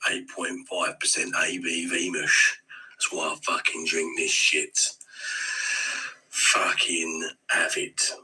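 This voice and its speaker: A man playing a foul-mouthed, swaggering hard-man beer reviewer in a comic clip, with a raspy voice. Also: deep voice, flat delivery, slow pace, pushed and bright, exaggerated voice, rough recording. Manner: swaggering, swears constantly.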